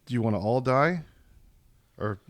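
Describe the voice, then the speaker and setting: A man's voice: mid-range voice, expressive, moderate pace, no echo. A man on a comedy podcast, rambling and riffing with lots of swearing. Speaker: podcast co-host. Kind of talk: crude comedy podcast banter.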